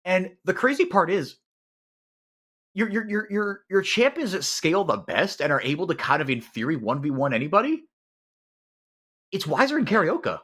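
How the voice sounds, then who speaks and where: A man doing live play-by-play commentary on an esports match, calling the action quickly and often repeating words as he thinks. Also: high-pitched. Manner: rapid, animated calling with frequent repeated words.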